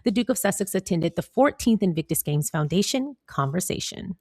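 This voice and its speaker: American woman vlogger, conversational, slightly low voice, dry recording. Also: expressive, brisk, a little mellow, breathy edge, no echo. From United States. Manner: chatty, laughs often, talks straight to viewers. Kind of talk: casual commentary and reading aloud.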